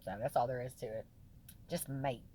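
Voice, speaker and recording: With an extremely low, dark voice, steady tone and normal pace, a woman talks casually to her followers about her health journey. She is chatty and folksy, heavy on fillers and "y'all," and often moves between laughing and tearing up; a little hiss or hum sits under the recording.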